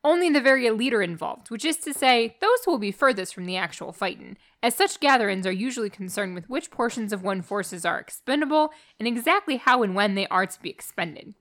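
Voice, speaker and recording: A wordy male mobster narrator with a thick Long Island accent, as a woman puts him on, reading in a dry, mock-formal storybook manner. The voice sits a little high and has a bright, sharp edge. He spells out each point with pompous care. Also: expressive, brisk, few pauses.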